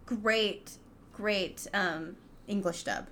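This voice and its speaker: A woman co-hosting a podcast, chiming in with quick, playful remarks in casual chat. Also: medium pitch, sharp tone, slight background noise. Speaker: podcast co-host.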